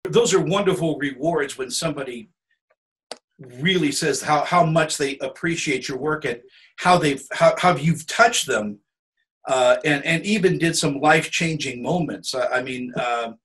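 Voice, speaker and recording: Halting male interview host. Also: fairly high pitch, a bit bright, poor audio. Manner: halting, stammers on openings. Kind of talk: conversational interview.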